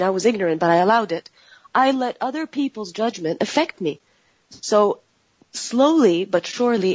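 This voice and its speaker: Expressive woman on muffled audio. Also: mid-range voice, dry recording. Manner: expressive, intense, with frequent restarts. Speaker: panel co-host. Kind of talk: casual group discussion. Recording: dull lo-fi audio.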